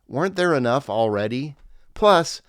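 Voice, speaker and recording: A man's voice: medium pitch, animated, normal speed, dry recording, studio quality. A middle-aged man, a former pastor, narrating his memoir in a wry, reflective storytelling manner.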